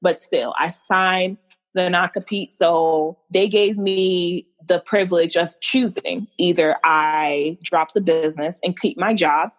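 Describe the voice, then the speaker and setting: A woman from New Jersey, a guest in an interview, telling her own story in a lively way and acting out the lines of the people in it. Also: takes it slowly. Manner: animated, acts out quoted dialogue with big pitch swings. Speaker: entrepreneur guest.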